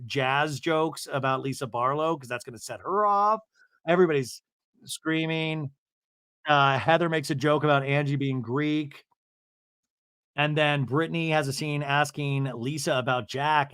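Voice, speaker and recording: A man hosting a podcast, recapping a TV show in a gossipy, animated way and laughing often. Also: fairly high pitch, dry recording, studio quality. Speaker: podcast host. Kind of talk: casual TV recap monologue.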